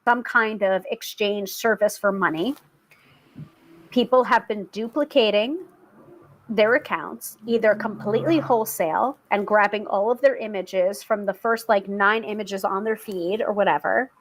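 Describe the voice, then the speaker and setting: A woman's voice: mid-range voice, moderate pace, slight background noise, poor audio. A young woman hosting a tarot live stream, talking in a chatty, casual way with frequent laughs and fillers. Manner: chatty, laughs often, many fillers and restarts.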